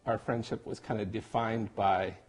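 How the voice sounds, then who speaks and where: A man recording a heartfelt, halting birthday message to his best friend, getting emotional and joking at himself. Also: lowish voice, fairly even intonation. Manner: emotional, halting, self-deprecating. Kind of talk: personal video message. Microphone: camera.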